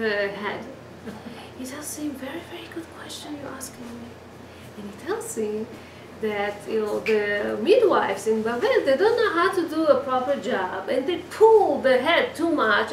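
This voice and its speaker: High-voiced woman teaching. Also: slight background noise. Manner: animated storytelling with many restarts. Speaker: Torah teacher. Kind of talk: weekly Torah class. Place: class room. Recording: echoey room, mic from a distance.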